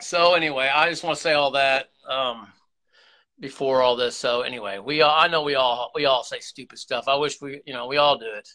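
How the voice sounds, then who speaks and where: A man's voice: medium pitch, brisk, bright, forceful tone. A man hosting his own channel, talking earnestly and emotionally in a rambling confessional way, with many restarts and repeated words. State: emotional, close to tears. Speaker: YouTube channel host. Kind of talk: candid confessional vlog talk.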